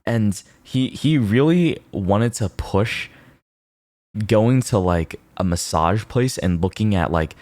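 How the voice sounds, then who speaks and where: Rambling male streamer, low voice. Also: animated, takes it slowly, darkish tone, no room sound. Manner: rambling, lots of "like" and "right?". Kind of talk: casual stream storytelling.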